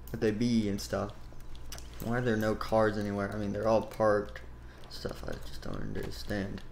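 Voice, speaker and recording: A man's voice: on the low side, creaky, a little hiss or hum. A young man voicing a roleplay in a sandbox game, talking casually and rambling with lots of fillers and goofy asides. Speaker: gaming video host and roleplayer.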